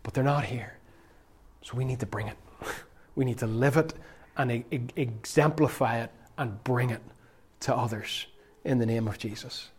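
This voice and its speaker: A male preacher with an ordinary middle-pitched voice delivers a sermon. He swells into loud, emphatic stretches and then sinks to near-whispers, drawing out key words for effect. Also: moderate pace, husky.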